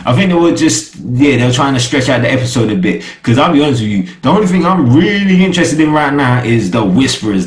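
Slangy young man reviewing, echoey room. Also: medium pitch. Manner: slangy, animated, keeps asking "you get me?". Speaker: TV show reviewer. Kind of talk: casual review chat.

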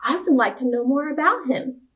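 A woman's voice: sits high, expressive, moderate pace, fairly bright tone, lo-fi sound. Missus Orestiel, a woman doing a worried mother. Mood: earnest. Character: gentle worried village mother.

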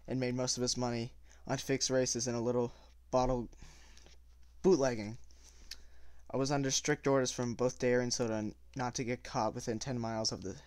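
A man reading a novel aloud, at an everyday middle pitch. He trips over words and goes back to fix them. The sound is dry and close, with no room behind it. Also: a little mellow, dry recording. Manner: stumbling and self-correcting. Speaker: reader.

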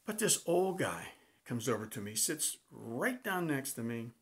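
A man hosting a comedy show, telling jokes in a punchy, animated monologue. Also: medium pitch, measured pace. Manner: animated, punchy joke delivery.

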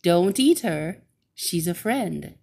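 A kindly, matter-of-fact good witch from a storybook, voiced by a woman, who explains things at an unhurried pace. Her voice moves lively up and down. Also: lowish voice, gravelly, husky, heavily acted. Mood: calm.

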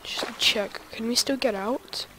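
A young adult gamer giving let's play commentary, excitable and talking to themself while playing. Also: mid-range voice, unhurried, very noisy. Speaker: gaming video creator.

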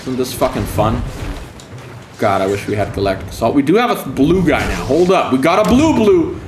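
A man's voice: medium pitch, big pitch swings, brisk, reverberant, music in the background. A man giving profane, sarcastic commentary while streaming a game, taunting opponents with mock-scared calls. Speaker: gaming streamer.

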